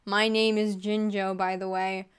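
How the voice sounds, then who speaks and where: A woman voicing a surly male gingerbread cookie prisoner, delivered a little louder and brasher. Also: mid-range voice, little pitch movement, unhurried, clean tone, close to an everyday voice.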